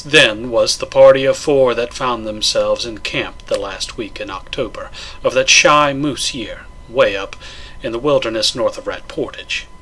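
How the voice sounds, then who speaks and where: A male narrator reads a classic tale aloud at a measured storytelling pace. His voice sounds bright and forward. It carries a light husky grain throughout. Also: mid-range voice. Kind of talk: dramatic audiobook narration.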